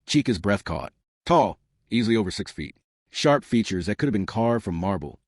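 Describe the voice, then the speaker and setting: A man reads a dramatic story as narrator, in a scripted and expressive delivery. His voice is low and moves a lot in pitch. The sound is dry and close to the mic. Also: moderate pace, no room sound.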